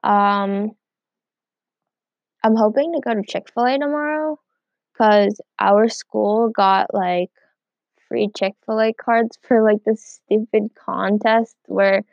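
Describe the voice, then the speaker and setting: A woman's voice: mid-range voice, slow pace, creaky, no room sound, highs cut off. A teenage girl hosting a casual solo podcast from home, rambling and filling every gap with "like". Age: teens. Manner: rambling, heavy use of "like". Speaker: podcast host.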